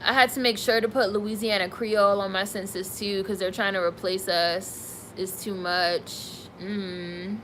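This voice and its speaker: A woman's voice: medium pitch, fairly even intonation, unhurried, few pauses, a bit bright, slight background noise, rough recording. A young woman streaming live, reading viewer comments and reacting with candid, sassy asides. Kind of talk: casual live-stream chat.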